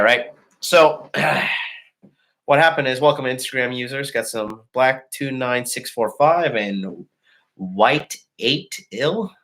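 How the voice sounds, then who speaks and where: Brief: man in his thirties, mid pitch, a livestream host with a casual, crude and boastful way of telling stories. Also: a bit bright. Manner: crude, boastful, profane and laughing. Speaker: dating coach host.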